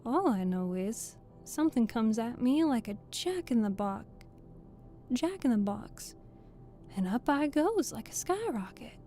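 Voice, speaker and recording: A woman voicing Bill, a feeble, flustered little lizard with a squeaky voice. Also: very animated, measured pace, mellow, faint music behind.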